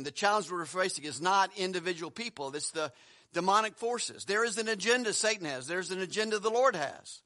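A man's voice: high-pitched, bright, forceful tone. A man preaching a sermon as a pastor, in a conversational way with fillers and restarts.

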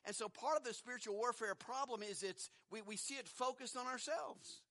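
High bright-voiced male preacher. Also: a little fast, hardly any pauses, dry recording, clean studio sound. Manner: conversational, rhetorical questions, chuckles between points. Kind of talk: sermon.

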